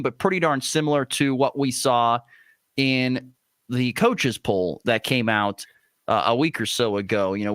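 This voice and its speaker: A man hosting a morning sports radio show from a studio, talking casually with lots of "uh" fillers and lively pitch swings. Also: smooth, no room sound. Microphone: studio microphone.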